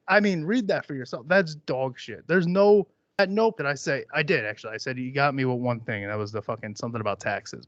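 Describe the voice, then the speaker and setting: A man's voice: medium pitch, fairly bright tone, no room sound. A man hosting a podcast, ranting casually in a profane, sarcastic, mocking way. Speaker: podcast host. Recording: dry, dull lo-fi sound.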